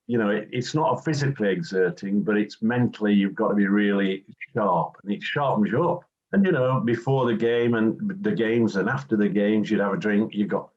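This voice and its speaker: A man's voice: lowish voice, a little mellow, dull audio. An older English man, a former football referee, reminiscing in an interview and telling anecdotes with acted-out quotes.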